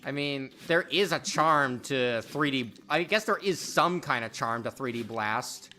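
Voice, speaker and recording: A man's voice: medium pitch, a little slow, pushed and bright, faint music behind. A man appearing as a guest on a game stream, laid-back and opinionated in casual chat, laughing easily.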